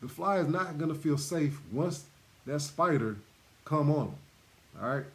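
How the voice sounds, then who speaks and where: A man's voice: fairly high pitch, expressive, measured pace. A man teaching scripture in a sermon style, repeating points emphatically and laughing between them. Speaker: bible teacher. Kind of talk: sermon-style bible study.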